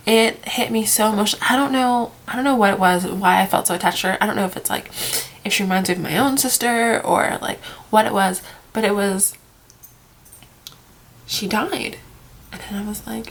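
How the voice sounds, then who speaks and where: Young female vlogger, cried-out and sleepless, talks in a rambling way with a creaky edge, middle pitch. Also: moderate pace, a bit bright. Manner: tearful, rambling, trails into whispers. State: worn out from crying, sleep-deprived. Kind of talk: casual emotional vlog.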